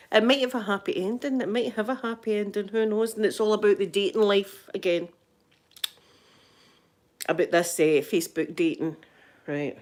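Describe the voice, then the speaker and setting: Chatty Scottish woman live-streaming. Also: medium pitch. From Scotland. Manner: chatty, laughing, greeting viewers by name. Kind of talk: casual live-stream chat with viewers.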